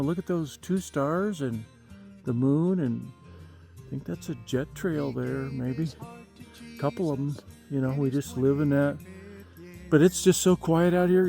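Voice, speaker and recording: A man's voice: mid-range voice, dark tone. A man in his fifties rambling folksily with lots of fillers, vlogging outdoors at night in the countryside. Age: 50s.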